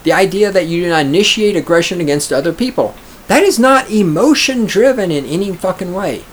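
A man's voice: high-pitched, lively intonation, fairly quick, a little hiss or hum. A man reading an article aloud and reacting to it in casual commentary, profane and sarcastic, often mocking others in a raised put-on voice.

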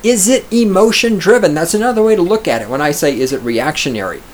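A man's voice: sits high, lively intonation, fast talker, a little hiss or hum. A man reading an article aloud and reacting to it in casual commentary, profane and sarcastic, often mocking others in a raised put-on voice.

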